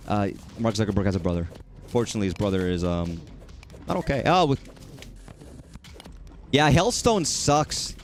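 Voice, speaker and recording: A man's voice: lowish voice, expressive, normal speed, pauses often, soft background music. A man chatting casually while streaming a game, rambling and swearing at enemies. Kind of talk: casual gaming commentary.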